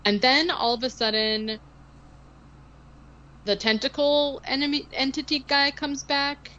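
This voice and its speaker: A woman's voice: fairly high pitch, a little slow, creaky, pushed and bright, highs cut off. A woman co-hosting a podcast, recapping a film in casual chat, rambling with lots of "like" and sarcastic asides. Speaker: podcast co-host.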